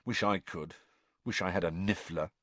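A man's voice: deep voice, fairly even intonation, moderate pace, a bit bright, no room sound. A man reading aloud, voicing a resentful, glum teenage boy who mutters sullenly. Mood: sulky.

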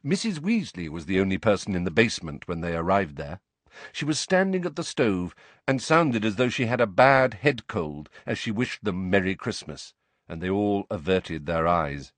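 A man narrating an audiobook with expressive, animated storytelling. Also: low-pitched, moderate pace, dry recording. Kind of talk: scripted narration.

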